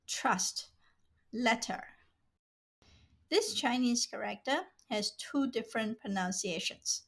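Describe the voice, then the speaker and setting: A woman slowly reading out vocabulary as a teacher, saying each word twice and then giving short meanings. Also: fairly high pitch. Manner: slow, careful, says each word twice. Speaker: language teacher. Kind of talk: slow vocabulary drill, reading words and glosses.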